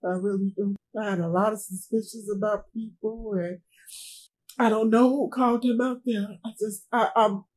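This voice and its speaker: Middle-aged mother, husky and halting, interview subject recounting loss. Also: medium pitch, a little mellow, rough recording. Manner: halting, repeats herself, trails off. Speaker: grieving mother being interviewed. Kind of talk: emotional personal recounting.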